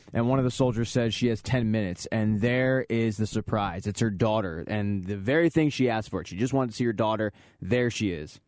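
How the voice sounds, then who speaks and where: A man in a dead, dry room talks through a TV drama recap with a casual, sarcastic edge. His voice sits at an ordinary middle pitch and he drops crude asides without slowing down. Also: darkish tone, no echo. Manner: sarcastic, candid, swears casually. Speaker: recap host.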